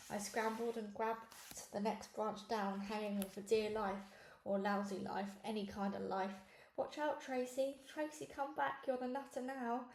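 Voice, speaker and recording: A woman reading a children's novel aloud in a lively first-person storytelling way. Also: medium pitch, reverberant, a little hiss or hum. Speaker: reader. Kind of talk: storybook read-along narration.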